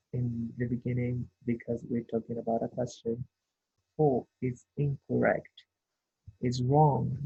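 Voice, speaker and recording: A man's voice: medium pitch, creaky, breathy edge. A man teaching an English grammar lesson, explaining patiently step by step and checking in with his listeners. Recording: tinny phone-like sound.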